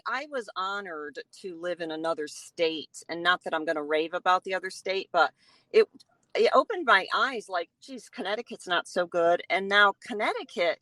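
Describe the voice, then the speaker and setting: A woman's voice: mid-range voice, bright, forceful tone, no echo, poor audio. A woman guest on a podcast, giving her opinions in a thoughtful way. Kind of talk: casual chat.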